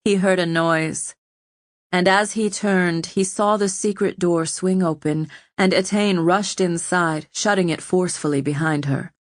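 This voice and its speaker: Low-voiced woman audiobook narrator. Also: measured pace, no echo, clean studio sound. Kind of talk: scripted narration.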